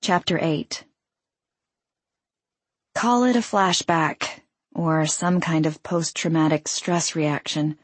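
A woman reading a first-person audiobook in a measured, unhurried storytelling manner. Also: low-pitched, breathy edge, no echo. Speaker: audiobook narrator.

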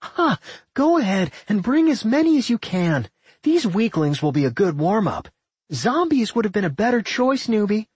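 A man voicing a cocky young female warrior who taunts her foes loudly, in a husky voice in an audiobook. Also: mid-range voice, sing-song, normal speed, no echo, pitched above the performer's own voice. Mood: mocking. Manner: loud, taunting.

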